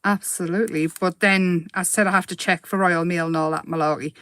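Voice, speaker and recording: A woman hosting a casual live craft demo, chatty and quick to giggle as she paints. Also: fairly low pitch, fairly even intonation, a bit bright.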